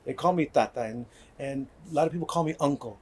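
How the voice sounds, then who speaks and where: An older guest with a high-ish, slightly rough, slightly mellow voice talks fast about healing and community. Telling stories conversationally and earnestly, he repeats words and frequently asks "right?"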